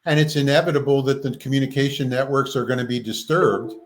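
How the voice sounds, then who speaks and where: A man's voice: mid-range voice, fast, low-quality recording. A man guest in a podcast interview, telling a story and acting out the dialogue in it. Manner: animated storyteller, acts out dialogue. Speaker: guest researcher.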